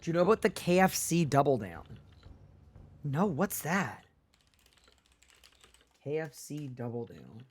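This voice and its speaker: A man's voice: on the high side, very animated, unhurried, long pauses, slightly rough, soft background music. A man streaming a game live, bantering with his chat in a playful, incredulous way. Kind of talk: casual livestream chat with viewers.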